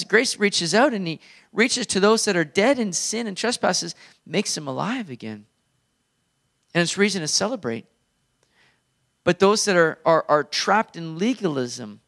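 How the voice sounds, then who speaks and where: A male pastor delivers a sermon in an earnest, conversational tone. His speaking voice sits slightly higher than average for a man. He talks plainly and directly, as if to a congregation. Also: expressive, normal speed, gravelly, a bit bright.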